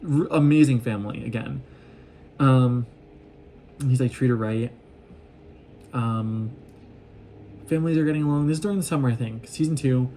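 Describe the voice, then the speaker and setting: A man talks through a show he loves, gushing and rambling as he acts out the characters' lines. His voice is mellow and relaxed, pitched in an ordinary middle range, with a faint hum of noise behind him. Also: moderate pace, long pauses. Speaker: vlogger recapping an anime. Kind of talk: casual rambling recap.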